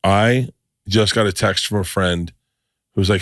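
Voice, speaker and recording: Brief: middle-aged male podcast host, lowish voice, bursts into excited profane anecdotes, dry close mic. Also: unhurried, no room sound. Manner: animated storyteller, swears freely, restarts sentences. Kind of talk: casual chat.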